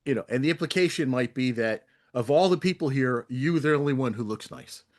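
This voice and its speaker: A man's voice: medium pitch, fairly quick. Thoughtful man making points in a group talk. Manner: thoughtful, illustrates points with playful examples. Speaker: panel participant. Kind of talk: online group discussion.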